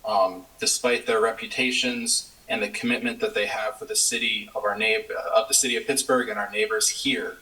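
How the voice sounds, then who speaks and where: A man giving earnest, halting public testimony at a council meeting as a community program leader. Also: on the low side, steady tone, sharp tone. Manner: earnest, halting, many fillers. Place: city council chamber. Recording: voice distant from the mic.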